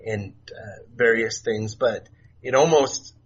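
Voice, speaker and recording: A middle-aged man telling stories as a podcast guest, soft-spoken and halting, with many fillers and restarts. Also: fairly low pitch, breathy edge. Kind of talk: casual storytelling interview. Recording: dull lo-fi remote audio, faint noise.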